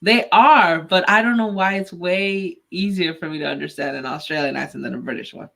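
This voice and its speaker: A woman's voice: on the low side, a little fast, vocal fry, fairly bright tone. Chatty woman co-hosting a tech podcast. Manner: chatty, laughs often, acts out quoted lines in storytelling. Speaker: podcast co-host. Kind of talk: casual tech podcast chat.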